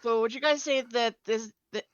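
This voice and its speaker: A woman's voice: fairly high pitch, fairly even intonation, moderate pace, clear, resonant tone, dry recording. A woman co-hosting a casual movie riff, chatty and joking, laughing often. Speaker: podcast co-host. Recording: dull lo-fi mic.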